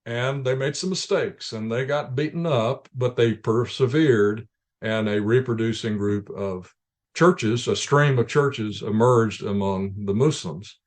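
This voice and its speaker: A man's voice: medium pitch, a little slow. A man, a ministry leader, answering interview questions in an earnest, explanatory way with frequent restarts.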